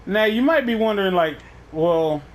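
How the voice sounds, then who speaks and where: A man's voice: high-pitched, animated, moderate pace. A man hosting a casual chat, talking in a profane, rambling way with many restarts. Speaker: podcast host.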